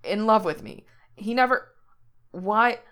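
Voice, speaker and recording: A woman's voice: mid-range voice, expressive, moderate pace, close to an everyday voice. A woman voicing an upset, conflicted young man who swears in emotional outbursts, in a read-aloud story. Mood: shaken.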